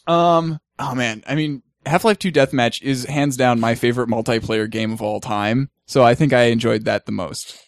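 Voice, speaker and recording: A man's voice: mid-range voice, normal speed, few pauses, no room sound. Man, podcast host, easygoing gaming chat, dry close mic. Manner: relaxed, laughs often, tells stories animatedly.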